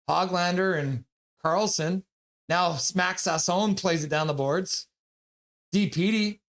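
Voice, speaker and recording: Guy doing casual live hockey play-by-play on stream, kinda high voice, jokey and chatty. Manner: chatty, jokey, reacts to chat between calls.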